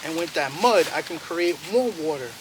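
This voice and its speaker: A man voicing a big, worried grizzly bear in a low, soft, heavy voice, outdoors with traffic behind. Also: expressive, normal speed, close to an everyday voice. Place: outdoors by a road. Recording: loud outdoor traffic noise. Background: traffic noise.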